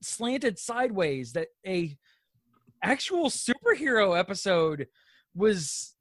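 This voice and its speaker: A woman's voice: mid-range voice, sing-song, slow, no room sound, studio quality. A woman co-hosting a podcast, chatting casually about a TV episode, rambling and giggling with lots of "like.". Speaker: podcast co-host. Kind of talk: casual chat reviewing a TV episode.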